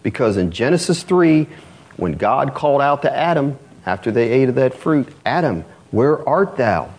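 Here a man preaches as pastor, lively and conversational, often asking the congregation questions he doesn't expect answered. He talks at a normal speed in a mid-range voice.

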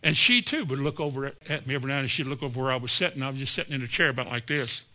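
Folksy bright-voiced preacher telling stories. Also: male voice, medium pitch, rapid-fire. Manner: folksy anecdotal preaching, shifting between soft asides and sudden emphatic rises. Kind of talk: sermon storytelling.

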